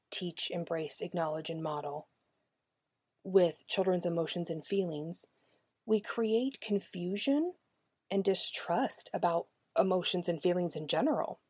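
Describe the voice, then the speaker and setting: Earnest woman podcaster with a dark husky voice. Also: on the low side, no echo. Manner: earnest, coaching, often drops to a near whisper. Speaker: podcast host. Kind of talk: scripted podcast talk on parenting.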